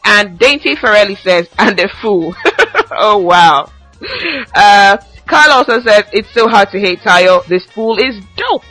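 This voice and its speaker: Sassy, bright-voiced woman podcast host. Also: medium pitch, a little slow, faint music behind, poor audio. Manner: sassy, animated ranting with asides. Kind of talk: casual commentary podcast.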